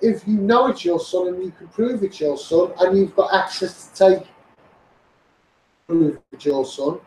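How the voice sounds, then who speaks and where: A man's voice: high voice, a little slow, a little mellow, roomy sound, far from the mic, rough recording. A man with a Liverpool accent hosting a casual live stream, reading out viewer comments and calling people mate. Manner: addresses viewers by name, calls them mate.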